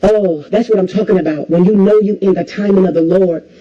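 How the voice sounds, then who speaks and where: A woman's voice: mid-range voice, brisk, warm tone, muffled recording. A woman preacher hosting callers, talking in an emphatic, repetitive preaching cadence. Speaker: preacher hosting a call-in livestream. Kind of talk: call-in talk with preaching.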